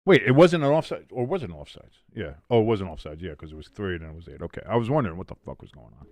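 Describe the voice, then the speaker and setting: A man's voice: low-pitched, very animated, very fast, no room sound. A young man casually commenting on a football game live for a stream, reading chat aloud and swearing freely. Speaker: watch-along streamer.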